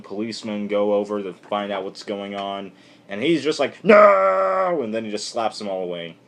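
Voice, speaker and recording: A man casually recapping a comic book issue on camera in a rambling, irreverent, animated way. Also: on the low side, a little hiss or hum.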